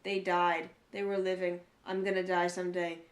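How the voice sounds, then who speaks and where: Her voice sits on the low side and moves at a normal speed, with reverb around it. She's a podcast co-host in casual conversation, animatedly acting out the characters in her anecdotes.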